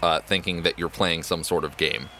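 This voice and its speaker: A man running a tabletop game as its game master, narrating the scene and calling for dice checks. His voice sits a little low but sounds bright and forward, and he often chuckles as he talks. Faint noise hums underneath. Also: steady tone, normal speed.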